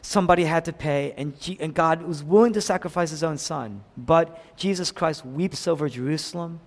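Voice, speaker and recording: A man preaching a sermon, swinging from loud cries down to hushed, near-whispered lines. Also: a little high, normal speed. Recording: long hall reverb.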